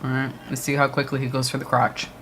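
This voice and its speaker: A man's voice: medium pitch, completely flat delivery, fast, a bit bright, slight background noise. A man co-hosting a livestream watch party, chatting casually and answering viewer comments. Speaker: livestream co-host. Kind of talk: casual chat with live chat.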